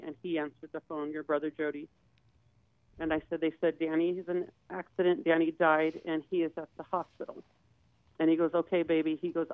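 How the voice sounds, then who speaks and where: A woman guest recounts a personal story, acting out each back-and-forth line of dialogue as she goes. Her voice is smooth and clear. It comes through a narrow, phone-like line with a dry, close sound. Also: low-pitched, dry recording. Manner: retells conversations with quoted dialogue.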